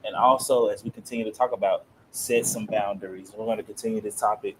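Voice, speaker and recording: A man hosting a casual Christian talk show, with relaxed, preacher-like phrasing. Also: fairly low pitch, fast talker, noisy background. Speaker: podcast host.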